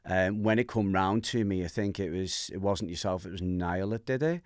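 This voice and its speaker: A man is hosting a podcast and tells a candid personal story. He talks in a lowish voice that jumps up when he acts out the other people in it. The sound is close and dry. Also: moderate pace, smooth, no room sound. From Merseyside, England. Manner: animated, acts out voices in his anecdotes. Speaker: podcast host.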